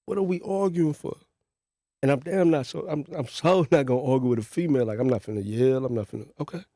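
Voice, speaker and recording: Mellow-voiced man in casual chat. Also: mid-range voice, fast talker, dry recording, clean studio sound. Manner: laid-back, short affirmations. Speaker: podcast guest.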